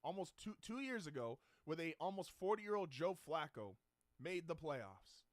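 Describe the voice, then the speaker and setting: A man's voice: a little high, big pitch swings, normal speed, no echo, clean studio sound. A man hosting a live draft watch-along, talking casually and ranting in exasperation. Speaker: podcast host.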